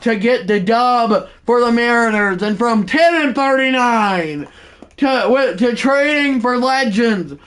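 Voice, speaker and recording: Excitable high-voiced man streaming a game. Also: takes it slowly, clean tone. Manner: excitable, swings into shouted play-by-play calls. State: out of breath. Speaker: gaming livestreamer. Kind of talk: live gameplay commentary.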